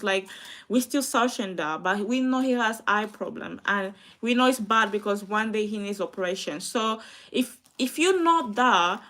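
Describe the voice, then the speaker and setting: Bright, fairly high young woman, emotional venting chat, fighting back tears. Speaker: vlogger.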